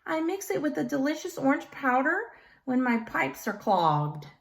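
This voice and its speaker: A woman's voice: sits high, sing-song, moderate pace, voice pushed up. A woman voicing a kind, smiling elderly woman with a Polish accent, doting and chatty. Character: smiling kindly old Polish woman, kitchen volunteer.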